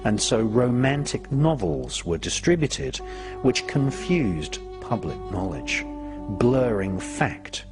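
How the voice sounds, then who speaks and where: A man giving scripted documentary narration in a measured, deliberate way, his phrases falling at their ends. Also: medium pitch, sing-song. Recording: voice-over with clear background music.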